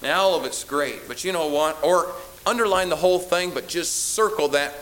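A man's voice: on the high side, normal speed, a bit bright, low-quality recording. A male pastor preaching a sermon to a church congregation. He sounds tired, drives points home by repeating phrases, and has a teasing, sarcastic edge.

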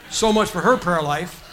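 A man's voice: sits high, heavy background noise. A man giving a personal testimony as a guest preacher, telling his story in an earnest, folksy way with frequent restarts.

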